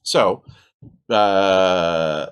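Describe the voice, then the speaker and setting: A game master narrating a tabletop game, animated and acting out sound effects. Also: sits low, extremely slow, smooth.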